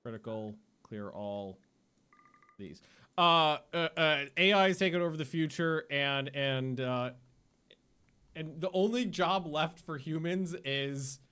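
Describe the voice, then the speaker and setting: This man's voice is a little high, smooth, and sharp-toned, and his pace is slow. Streaming a game, he talks casually and rambles, often halting partway through a sentence to laugh at his own tales.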